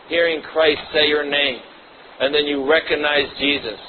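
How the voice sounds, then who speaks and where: A man's voice: mid-range voice, steady tone, normal speed. A man preaching a sermon, reading scripture aloud and then explaining it with personal asides. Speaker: pastor. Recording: muffled phone-like audio, faint hiss.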